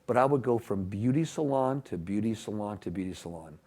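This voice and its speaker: Animated middle-aged man telling a story. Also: fairly low pitch, a little fast. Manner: animated storyteller, acts out quoted dialogue. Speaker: keynote speaker. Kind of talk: conference keynote storytelling. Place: conference stage.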